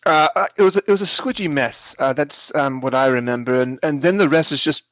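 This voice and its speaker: High-voiced man, playful stammer. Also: brisk, a bit bright, dry recording, rough recording. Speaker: player. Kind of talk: in-character tabletop recap.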